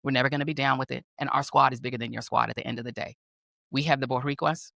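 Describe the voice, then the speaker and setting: A woman's voice: rumbling low, steady tone, quick pace, vocal fry, a bit bright, no room sound. A woman delivering an impassioned political rant, fiery and rhetorical, hammering repeated phrases for emphasis. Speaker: political commentator.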